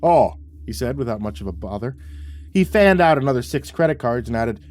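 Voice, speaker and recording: A man reading a horror story aloud as a narrator, in a wry, measured manner. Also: medium pitch, animated, a little mellow.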